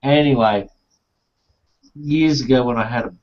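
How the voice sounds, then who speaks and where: A man hosting a casual chat, joking around and rambling through stories, swearing often. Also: measured pace. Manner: rambling, swearing storyteller, jokey. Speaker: host. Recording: muffled low-fidelity audio.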